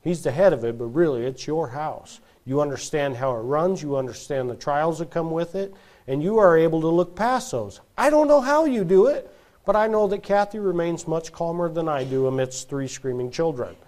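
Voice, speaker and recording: A man in his thirties preaching a sermon, telling stories with lively delivery and acting out quoted voices. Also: on the high side, moderate pace. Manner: animated storytelling, acts out quoted voices. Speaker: pastor.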